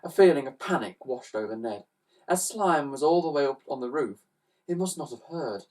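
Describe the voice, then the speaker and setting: A man reading a children's story aloud with expressive, animated narration, recorded on a slightly distant mic. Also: medium pitch, moderate pace. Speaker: storybook reader.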